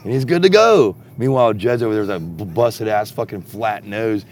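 A man's voice: on the low side, animated, moderate pace, a little mellow. Rambling, profane man at a campsite. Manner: rambling, heavily profane storytelling. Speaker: camper telling stories. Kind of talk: casual chat. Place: outdoor campsite.

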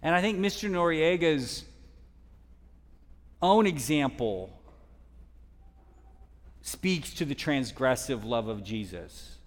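A man of middle pitch preaches a sermon in a church hall, with a long reverb trailing his words. He tells his story dynamically, sinking to near-hushed tones and then lifting his voice for emphasis. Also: animated, slow, long pauses. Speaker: guest preacher.

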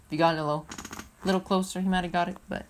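A woman co-hosting a casual motorsport podcast, talking in an excitable, rambling, playful way. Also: on the low side, very fast, slight background noise. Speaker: co-host.

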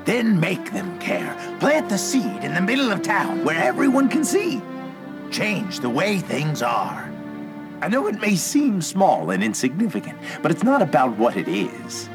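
A regretful recluse, earnest and pleading, in an animated film. His voice rises and falls dramatically as he urges a boy onward. A film score plays clearly beneath him. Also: a little high, unhurried. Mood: urging. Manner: earnest, urging. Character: regretful reclusive man, hopeful mentor. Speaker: film character. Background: music score.

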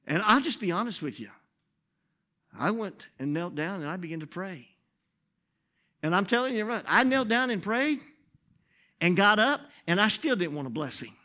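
A pastor telling a personal story in a sermon, swinging from loud outbursts to hushed, soft moments. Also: male voice, high-pitched, animated, moderate pace, long pauses. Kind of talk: sermon testimony.

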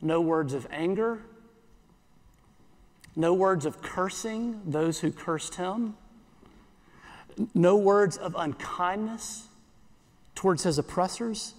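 A pastor giving an earnest sermon in church, repeating phrases and slowing down for scripture. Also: male voice, high-pitched, big-room sound.

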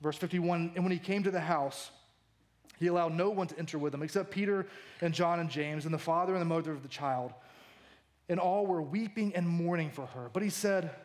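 A man in his thirties preaching a sermon, animated and jokey, acting out the lines he quotes. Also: a little high, brisk. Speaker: pastor.

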